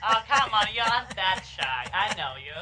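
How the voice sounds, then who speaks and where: In a radio studio, a woman with an Eastern European accent hosts a show and chats casually with a caller, laughing often and coaxing him to open up. Her voice is medium-pitched and sing-song, at a normal speed.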